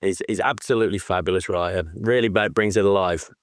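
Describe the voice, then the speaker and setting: A man's voice: sits low, fast, no echo, clean studio sound. Laughing man co-hosting a podcast. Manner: laughing, lively storytelling. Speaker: podcast co-host. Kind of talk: casual chat.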